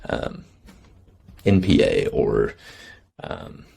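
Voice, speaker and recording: Very deep, gravelly-voiced male hunter. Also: very animated, drawn-out words, warm tone. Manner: earnest, reflective, laughs easily. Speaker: guest, hunter. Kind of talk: casual conversation.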